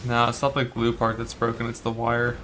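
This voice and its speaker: A man streams his gameplay, chatting in a monotone, medium-pitched voice that's a little fast and fairly bright, over a little hiss or hum. His talk is casual, profane and full of fillers, and his broken retainer irritates him.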